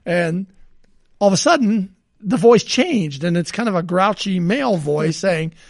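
A man co-hosting a podcast, telling rambling everyday stories in a relaxed chat and chuckling often. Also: sits high, unhurried, vocal fry, no echo, clean studio sound. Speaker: podcast co-host.

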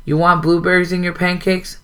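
A man's voice: sits high, flat delivery, a little fast, pushed and bright, clear, resonant tone. A man reading a cool, teasing hero. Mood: dry teasing.

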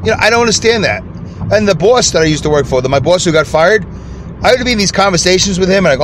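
A man's voice: high-pitched, expressive, brisk. Rambling man podcasting from his car. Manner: rambling, chatty, easily sidetracked. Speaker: podcast host. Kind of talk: unscripted solo podcast from a car. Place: inside a car. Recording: car interior with traffic noise. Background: traffic and street noise.

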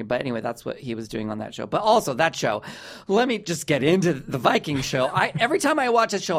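A man hosting a comedy podcast, talking in a playful, rambling, animated way. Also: fairly high pitch. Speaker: podcast host. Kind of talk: casual comedic chat.

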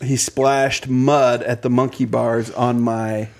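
A man's voice: medium pitch, little pitch movement, slow, creaky, a little mellow. A young man on a podcast, telling a long rambling childhood story full of fillers and restarts. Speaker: podcast co-host. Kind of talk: casual storytelling chat.

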